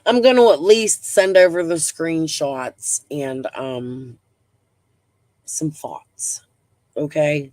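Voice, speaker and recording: A middle-aged woman hosts a casual live stream, speaking bluntly, rambling, swearing freely and breathing heavily. Her voice is low and darkish, and she takes her time. The recording is dry.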